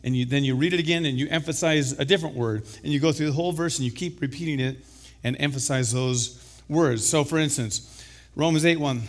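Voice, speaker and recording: Emphatic pastor man, slightly hoarse. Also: a little high, brisk. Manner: emphatic, rising to loud exclamations. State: recovering from illness, slightly hoarse. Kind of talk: sermon.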